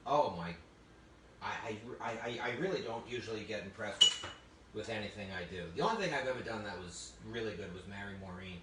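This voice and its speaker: A man runs a cooking demo in a chatty, exclamatory manner, his voice bright and forceful yet fairly low. He sounds some way from the mic in a roomy space, with a faint ambience behind him. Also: animated, brisk, distant mic, a little hiss or hum. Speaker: cooking demonstrator. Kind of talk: live cooking demonstration.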